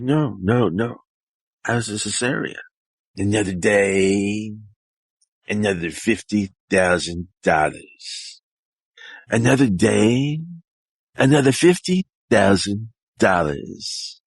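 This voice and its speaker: A man puts on an older president, speaking low and quiet with a deadpan, unhurried delivery. The sound is dry and close, with no room around it. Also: breathy edge, dry recording, full character voice. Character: older male president telling a dry joke.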